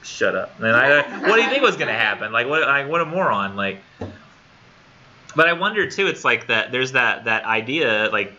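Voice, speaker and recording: A man teaching a college English class in a casual, animated lecture with many fillers. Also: medium pitch, normal speed, dull audio.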